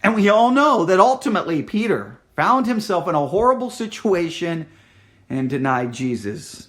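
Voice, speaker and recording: A man with a notably high voice delivers a sermon. He reads scripture and retells it with dramatic swings, sinking to hushed, drawn-out words and rising again for emphasis. He often restarts and repeats words as he preaches. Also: sing-song. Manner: dramatic, drops to near-whisper for emphasis, then rises.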